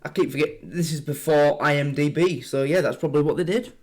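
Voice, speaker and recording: A man hosting a reaction video, rambling excitedly and swearing as he comments. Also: on the high side, quick pace.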